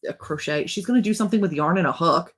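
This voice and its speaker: A woman's voice: on the low side, fast talker, husky. A young woman hosting a livestream, chatting casually and joking as she rambles. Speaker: livestream host, author. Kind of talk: casual chat.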